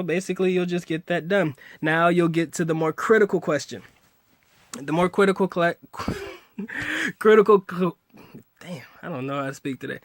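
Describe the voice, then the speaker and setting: A man's voice: fairly high pitch, no room sound, studio quality. A man in his late twenties casually teaching simple phrases in a home video, joking and laughing easily with slangy talk. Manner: laid-back, joking, slangy, laughs often.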